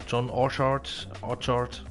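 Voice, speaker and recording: A man chats his way through a racing stream, halting and filling pauses with "uh". His voice sits at a middling pitch. Music runs faintly behind him. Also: monotone. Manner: hesitant, full of fillers, laughs often. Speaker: race stream commentator. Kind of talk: casual live commentary.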